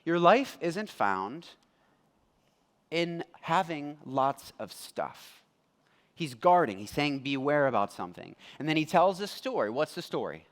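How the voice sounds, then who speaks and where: Animated male pastor preaching. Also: fairly high pitch, slow, long reverb tail. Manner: animated, conversational, acts out quotes. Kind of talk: sermon. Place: church.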